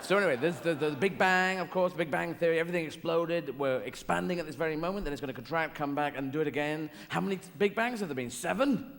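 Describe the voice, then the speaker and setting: A man's voice: a little high, fast, vocal fry. A man doing stand-up comedy on a theatre stage, rambling through whimsical tangents with frequent restarts. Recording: echoey live theatre hall with ambient noise.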